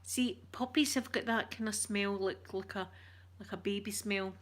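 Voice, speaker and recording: Chatty Scottish woman, whispering softly. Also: mid-range voice, fairly even intonation, normal speed. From Scotland. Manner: chatty, slipping between whispers and soft talk; uses Scottish words like wee. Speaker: ASMR live streamer. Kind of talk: live-stream chat with viewers.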